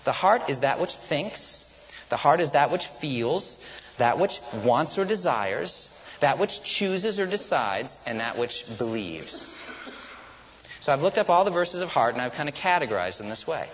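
A man's voice: a little high, very animated, a little slow. A man preaching a sermon to his congregation as its pastor, putting questions to the listeners and then answering them himself. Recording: lo-fi hissy recording in a reverberant hall.

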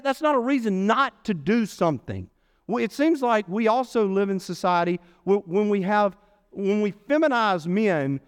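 A man preaching a sermon as pastor, telling a Bible story with playful asides and lively delivery. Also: high-pitched, clear, resonant tone. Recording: long hall reverb.

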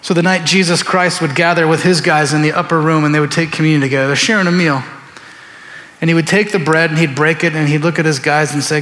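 A man's voice: a little high, steady tone, fast talker, a bit bright, long reverb tail. A man preaching a sermon in a church, conversational and storytelling, acting out quoted voices. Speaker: pastor. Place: church sanctuary.

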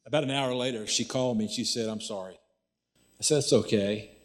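A man's voice: medium pitch, fairly quick. A male pastor preaching a sermon in a folksy, conversational way, repeating phrases for emphasis.

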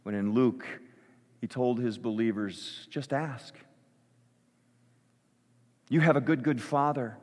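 A man preaching as pastor, slow and measured, his voice swelling for emphasis and dropping to a hush. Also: medium pitch. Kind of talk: sermon with read-aloud prayer. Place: church sanctuary. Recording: long reverb of a large hall.

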